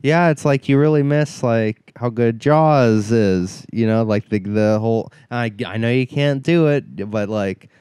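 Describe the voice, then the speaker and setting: A man chatting casually as co-host of a movie review show. He rambles, laughs, and acts out mocking lines from films. His voice is smooth and resonant, recorded close and dry. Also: medium pitch, unhurried, hardly any pauses, darkish tone, no echo. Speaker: podcast co-host.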